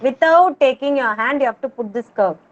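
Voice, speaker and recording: A kindergarten teacher, running an online class and patiently repeating words for the children to echo. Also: female voice, sits high, a little fast, highs cut off, crowd noise. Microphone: video call.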